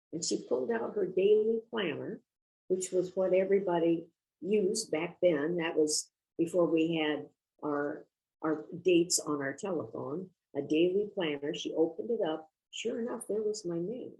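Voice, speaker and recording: Older female guest, gravelly tone, reflective and measured, casual conversational storytelling. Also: on the low side, mellow, poor audio. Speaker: guest author.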